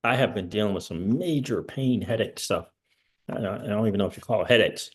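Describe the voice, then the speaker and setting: A man hosting a crypto vlog, ranting in an excitable way, repeating his questions and laughing between lines. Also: fairly low pitch, a little fast. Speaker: crypto channel host.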